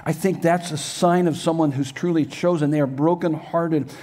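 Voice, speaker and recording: A man's voice: fairly high pitch, fairly even intonation, normal speed, warm tone. An older man preaching a sermon as a pastor in a church sanctuary, earnest and emphatic, with many rhetorical questions.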